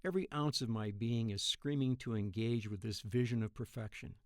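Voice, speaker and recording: A man in his thirties narrating a first-person dream story in a wry, profane, deadpan way. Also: medium pitch, brisk, no echo, clean studio sound. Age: 30s.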